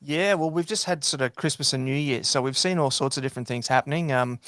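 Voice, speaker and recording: A man's voice: mid-range voice, fast, a bit bright, no echo. A man, a podcast guest chatting casually with many fillers and restarts. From New Zealand. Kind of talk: casual chat.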